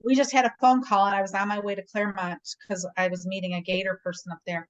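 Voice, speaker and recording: A woman's voice: mid-range voice, flat delivery, fast talker, lo-fi sound. A middle-aged woman, a guest realtor, chatting casually on a video call and telling stories, often checking in with "right?". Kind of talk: casual conversation.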